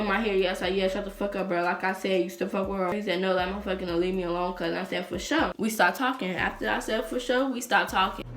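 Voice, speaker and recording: A teenage girl telling a storytime vlog in a blunt, profane, fast-talking way. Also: medium pitch, a bit bright, roomy sound. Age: teens. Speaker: vlogger. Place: bedroom at home.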